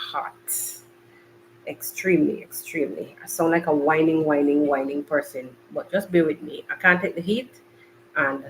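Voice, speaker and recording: In a casual live-stream, a podcast host from Jamaica talks chattily and rambles to live viewers, recording on a laptop inside a makeshift home studio that is hot and bright. The voice is medium in pitch with a fairly bright tone. Expect a rough recording carrying a little hiss or hum.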